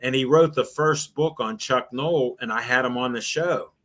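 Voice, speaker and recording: An older man, once a sports radio host, talks at a middle pitch. He rambles from one anecdote to the next, slipping into the voices of the people in his stories. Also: normal speed, a bit bright. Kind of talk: storytelling in a casual interview.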